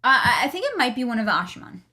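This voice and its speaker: A woman's voice: a little high, sing-song, very fast, pushed and bright. A woman co-hosting a live book club show, chatting casually, agreeing often and swearing now and then. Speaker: book club podcast co-host. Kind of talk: casual livestream chat.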